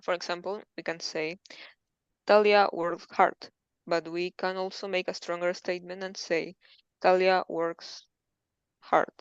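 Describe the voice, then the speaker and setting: A woman's voice: on the low side, level tone, unhurried, smooth, dry recording, dull audio. A woman student reading textbook passages aloud in an English lesson, carefully and with hesitant fillers.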